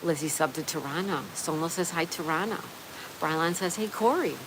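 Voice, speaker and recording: A woman's voice: sits low, moderate pace, noisy background. A woman from Florida hosting a livestream, chatting and reading viewer messages aloud. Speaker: livestream host. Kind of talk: reading live chat aloud. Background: rain ambience.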